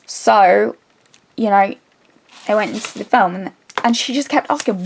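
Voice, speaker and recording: A woman, a craft vlogger chatting casually and retelling a story in a rambling, animated way with many restarts. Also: medium pitch, normal speed, vocal fry, pauses often, a little hiss or hum.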